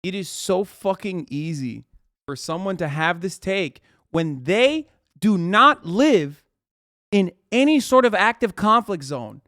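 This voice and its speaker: A man's voice: high voice, lively intonation, takes it slowly, pushed and bright, no room sound, studio quality. A man streaming a reaction video, ranting at his chat with heavy swearing and rising anger. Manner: profane, heated ranting at chat. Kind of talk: livestream reaction commentary.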